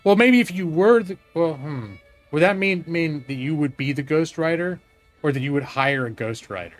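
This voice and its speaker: A man's voice: a little high, moderate pace, faint music behind. A man casually commenting while he plays a strategy game live, swearing now and then and talking to his chat. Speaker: streamer playing a strategy game.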